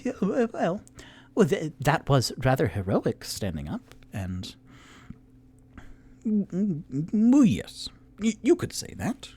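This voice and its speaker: A fussy, eager male intellectual from a tabletop game, put on by a man, his voice pitched up high. He stammers, hums and trails into little yeses. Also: huge pitch swings, slow, long pauses, mellow, husky, exaggerated voice. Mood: flustered.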